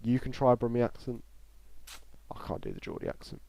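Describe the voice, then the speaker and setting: A man's voice: mid-range voice, huge pitch swings, a little fast, gravelly, dark tone, no room sound. A man hosting a live football reaction stream, giving casual, blunt, opinionated running commentary straight to his viewers.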